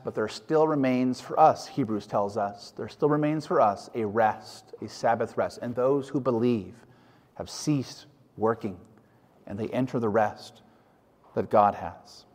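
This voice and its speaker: A man's voice: mid-range voice, a little slow, a little mellow. A man preaching a sermon, emphatic, often putting questions to his listeners. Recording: hall reverb.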